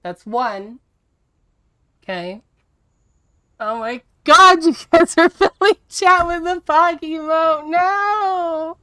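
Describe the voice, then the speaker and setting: A woman streaming a video game, chatting casually with her viewers in an exasperated, teasing way and quick to laugh. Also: extremely high pitch, lively intonation, sharp tone.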